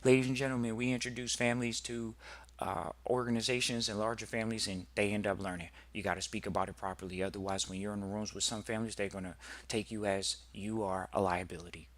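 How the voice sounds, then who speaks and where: A man's voice: lowish voice, little pitch movement, fast, fairly bright tone. A man hosting a podcast, lecturing in an emphatic, repetitive way. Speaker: podcast host, trust educator. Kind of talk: preachy podcast monologue.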